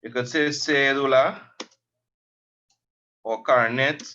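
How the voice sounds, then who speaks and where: A man teaching a language lesson, slowly explaining words and repeating them. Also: mid-range voice, steady tone, bright, forceful tone, lo-fi sound.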